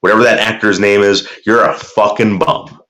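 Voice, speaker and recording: A man's voice: on the low side, steady tone, moderate pace, fairly bright tone. A man casually chatting and telling a rambling, profane story while reacting to viewer comments.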